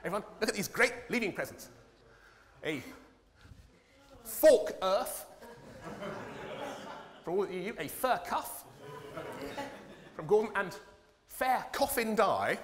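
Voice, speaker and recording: A man's voice: high-pitched, sing-song, measured pace, long pauses, a crowd in the background, pitched above the performer's own voice. A man doing a mocking impression of a boastful male prime minister showing off gifts. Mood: mock-jolly. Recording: long hall reverb.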